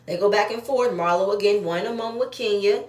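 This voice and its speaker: A woman's voice: mid-range voice, fast talker. Blunt woman recapping TV in an echoey room. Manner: blunt, profane, opinionated. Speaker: reality TV recap host. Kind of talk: casual reality show review commentary.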